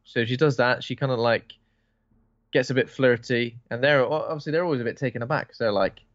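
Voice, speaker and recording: A man's voice: medium pitch, fairly quick, no echo. A man, co-hosting a casual film chat, rambling and swearing freely as he acts out bits of dialogue. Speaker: podcast co-host. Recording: dull dry lo-fi sound.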